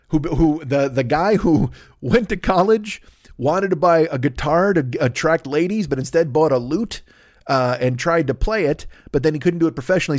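A middle-aged man riffs through a loose comic monologue in a fairly high voice, swearing freely and jumping in and out of quick character voices. The sound is close and dry, with no room around it. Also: no room sound. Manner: profane, riffing, slips into quick voices for made-up characters. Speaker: podcast host.

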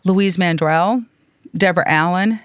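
A middle-aged woman from New York, a podcast guest telling animated stories and acting out the voices of people she quotes. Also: fairly low pitch, a little slow, clear, resonant tone, dry recording, clean studio sound. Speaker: interview guest. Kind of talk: casual storytelling.

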